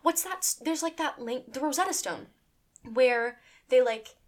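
A woman's voice: sits high, expressive, moderate pace. A young woman in her twenties co-hosting a casual podcast, chatty and giggly with lots of fillers. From United States. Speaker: podcast co-host.

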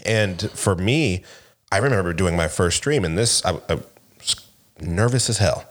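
Animated deep-voiced man telling stories. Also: moderate pace. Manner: animated storyteller, laughs often. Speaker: podcast co-host. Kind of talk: casual chat.

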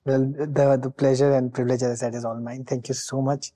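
A man's voice: medium pitch, little pitch movement, fairly quick, mellow. A man with an Indian accent hosting a podcast interview, effusive and mixing Hindi into English. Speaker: podcast host.

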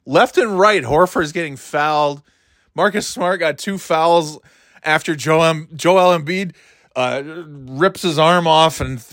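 A man in a casual sports talk, swearing freely and rambling, with frequent laughs and lively jumps in pitch. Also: no room sound, studio quality. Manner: profane, rambling, animated, laughs often.

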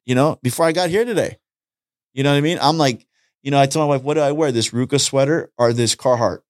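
A man talking casually on a podcast, an animated storyteller who acts out conversations and repeats his points. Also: mid-range voice, fast, dry recording, studio quality. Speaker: podcast guest, street preacher. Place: podcast studio.

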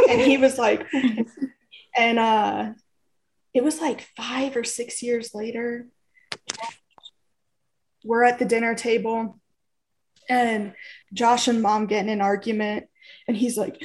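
A young woman tells a family story on a casual podcast, her voice sitting a little high. She laughs often as she goes and drops to a soft, low tone for quoted lines. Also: steady tone, measured pace, pauses often. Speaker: podcast co-host.

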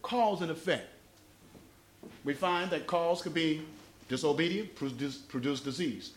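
A man with a Southern US accent preaching a teaching sermon at a fellowship meeting, spelling out words and asking the congregation questions. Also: a little high. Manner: asks the congregation questions, explains words slowly. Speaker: gospel evangelist. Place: small church fellowship meeting.

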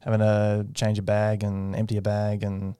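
A young man chats as an interview guest in a fairly low voice. He tells his story with animation, often jumping high to mimic other people. The sound is dry and close. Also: monotone, normal speed, warm tone, clean tone, dry recording. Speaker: aerospace engineer guest. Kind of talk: casual interview conversation.

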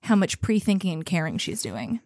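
A woman's voice: lowish voice, moderate pace, creaky, no room sound, studio quality. A woman co-hosting a podcast, chatting playfully and with animation about a novel. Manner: playful and animated, often laughing. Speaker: podcast co-host. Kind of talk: casual book-club chat.

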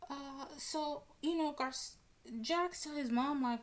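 A woman hosting a casual talk podcast, giving blunt and animated commentary and swearing freely. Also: high-pitched, moderate pace. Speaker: podcast host. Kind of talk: casual commentary on celebrity news.

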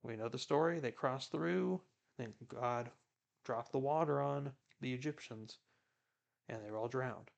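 Gravelly man giving casual Bible commentary. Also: medium pitch, unhurried. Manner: chatty, retells scripture in everyday words.

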